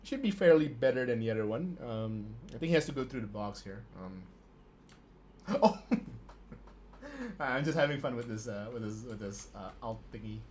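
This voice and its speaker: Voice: medium pitch, lively intonation, moderate pace, a little mellow. A stream host commentating a tabletop wargame live, laughing constantly and swearing in disbelief at the dice rolls.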